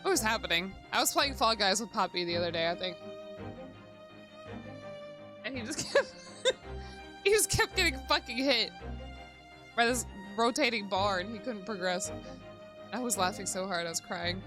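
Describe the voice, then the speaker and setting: This woman streams a game and chats casually as she plays, laughing a lot and swearing freely over background music. Her voice is medium-pitched with lively intonation, and she speaks at a moderate pace with frequent pauses.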